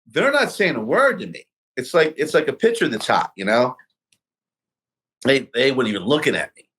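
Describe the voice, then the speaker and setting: A middle-aged man telling a golf story in a casual interview, acting out what he and others said along the way. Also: on the low side. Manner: animated storyteller, acts out his own past lines. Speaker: guest golfer telling his story.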